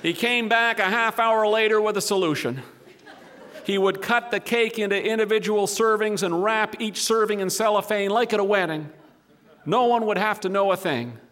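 A man's voice: high-pitched, a bit bright. A man telling a humorous story to a live audience, with wry asides. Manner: wry, dry comic delivery with asides.

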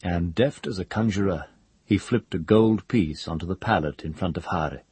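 A man narrating a fantasy audiobook in a measured, even storytelling manner. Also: low voice, breathy edge, no echo. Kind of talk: scripted narration.

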